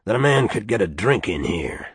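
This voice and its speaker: A man voicing a boastful drifter prospector with a hoarse, commanding whisper, superior and bored. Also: on the low side, sing-song, moderate pace, dry recording, heavily acted. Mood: confiding.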